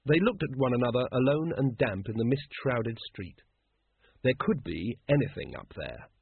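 A man reading an audiobook in an expressive, wry narrating voice. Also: medium pitch, moderate pace, vocal fry, breathy edge, no echo. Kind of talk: scripted narration. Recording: dry, narrow phone-like sound.

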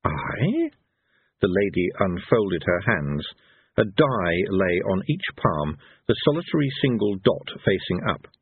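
A man narrating a fantasy audiobook in an expressive, storytelling manner. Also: deep voice, measured pace, vocal fry, breathy edge, no echo. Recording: tinny phone-like sound.

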